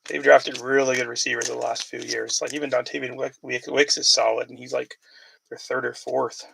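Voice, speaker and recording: A man's voice: medium pitch, flat delivery, moderate pace, vocal fry, noisy background. A man hosting a live sports card break, chatting casually and calling out player names as he opens packs. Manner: chatty, calls out player names while reading questions from viewers.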